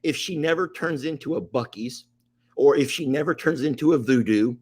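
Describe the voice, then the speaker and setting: Middle-aged man, channel host, upset and impassioned direct-to-camera rant, mid-pitched voice. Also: moderate pace, a little mellow, slightly rough. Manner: impassioned, repetitive, Southern-style plain talk. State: emotional, upset.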